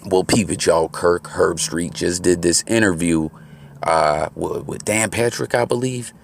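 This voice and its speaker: A man's voice: deep voice, unhurried, creaky, slight background noise. A man hosting his own channel, giving laid-back, slangy commentary while out moving around. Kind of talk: casual commentary. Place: outdoors on the move.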